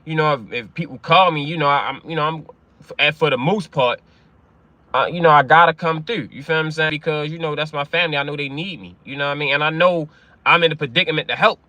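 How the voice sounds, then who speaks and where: A man's voice: on the high side, fast talker, bright, forceful tone, dry recording. A man hosting a commentary channel, talking in loose slang and repeating "you know what I mean" constantly. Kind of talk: casual commentary.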